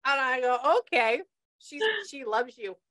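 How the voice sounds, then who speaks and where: A woman's voice: sits high, measured pace, pushed and bright. A woman working as a psychic medium in a casual session, chatty and laughing as she passes on messages.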